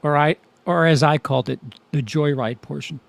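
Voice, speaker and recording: Man, high voice, dry close sound, wry rambling movie chat, casual swearing. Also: fairly even intonation, moderate pace, gravelly, dry recording. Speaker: host of a movie review channel.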